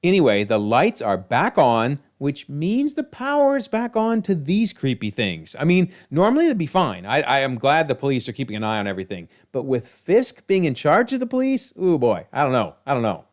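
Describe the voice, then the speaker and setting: A man hosting a video, recapping a TV episode in an animated, exclaiming way. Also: a little high, moderate pace, hardly any pauses. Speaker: video host.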